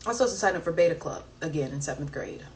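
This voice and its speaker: A woman's voice: sits low, lively intonation, racing, a little mellow, distant mic, slight background noise, rough recording. A young woman in her twenties on a livestream, telling a school story in a chatty, self-mocking way. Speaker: livestream co-host. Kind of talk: casual chat, storytelling. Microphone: phone livestream. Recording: voice set back from the phone mic.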